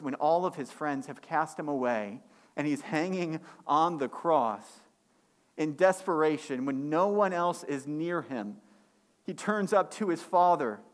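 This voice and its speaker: A man preaching a sermon as pastor, climbing higher and louder on key points and dropping low and quiet in reflective stretches. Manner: impassioned, rising in pitch and force on key points; drops to a quiet, low delivery for reflective passages.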